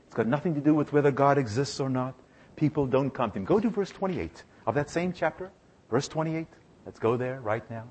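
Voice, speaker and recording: A male preacher delivering a sermon with animated storytelling and call-and-response repetition. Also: medium pitch, fairly quick, breathy edge.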